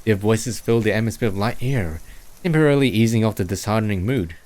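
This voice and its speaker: A man's voice: fairly low pitch, fast talker, darkish tone. A young man from New Zealand with a Kiwi accent tinged with Chinese, reading a visual novel aloud on stream and stumbling over words as he goes. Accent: New Zealand mixed with Chinese.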